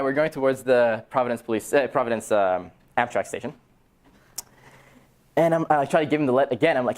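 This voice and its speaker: A man's voice: medium pitch, slight background noise. A young man giving a talk to an audience, telling a story with laughter and acting out the dialogue.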